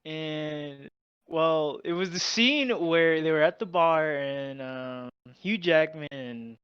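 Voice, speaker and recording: A young man spins a comic story with big dramatic swings, booming one moment and muttering the next. His voice is bright and forward, in a dry, close room with a slightly dull, lo-fi sound. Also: smooth, no room sound. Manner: dramatic, exaggerated, swings between loud outbursts and low mutters. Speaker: guest storyteller. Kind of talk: casual storytelling.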